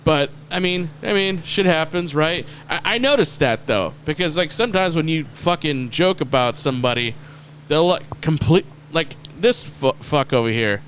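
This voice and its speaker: A man's voice: on the high side, lively intonation, normal speed, fairly bright tone, a little hiss or hum. A man hosting a podcast, chatting casually, swearing a lot and trailing off mid-sentence. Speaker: podcast host. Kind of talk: casual crude banter.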